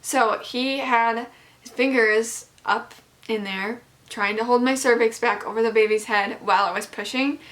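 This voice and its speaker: A woman's voice: fairly high pitch, steady tone, a little slow, a bit bright. A young woman vlogger telling a personal story in a casual, candid way, with lots of likes and ums.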